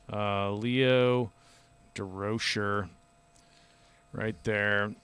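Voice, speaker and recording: A man's voice: medium pitch, a bit bright, smooth, no room sound. A man hosting a podcast, telling stories in a loose, rambling, chatty way. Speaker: podcast host. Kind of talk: casual podcast chat.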